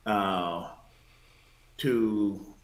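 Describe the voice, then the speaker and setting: A man from Detroit, a former bouncer, chatting as a podcast guest in a relaxed, storytelling way. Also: on the low side, extremely slow. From Detroit, USA. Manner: relaxed, storytelling, laughs easily. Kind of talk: casual chat. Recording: echoey room.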